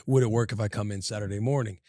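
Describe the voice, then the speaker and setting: Energetic slangy man telling a story. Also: fairly low pitch, fast talker, no room sound, clean studio sound. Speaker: podcast co-host. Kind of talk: casual chat.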